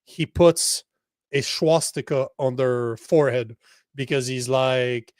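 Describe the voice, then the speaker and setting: A man co-hosting a casual political podcast, excitable and swearing often, laughing easily. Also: mid-range voice, slow pace, no echo, studio quality. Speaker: co-host.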